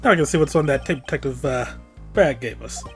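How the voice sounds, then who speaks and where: A stiff, deliberate male prosecutor with a put-on British accent , voiced by a let's player. He speaks every line with measured formality while quiet game music plays behind. The delivery is even and precise. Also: mid-range voice, voice pushed down, close to an everyday voice. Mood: composed. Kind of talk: let's-play voice acting of game text.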